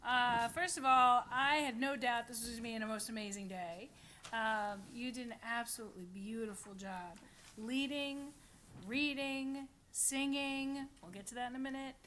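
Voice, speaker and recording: A woman's voice: a little high, fairly even intonation, normal speed, sharp tone, slight background noise. A woman cantor in a synagogue sanctuary, giving loose, chatty words of praise at a bat mitzvah service.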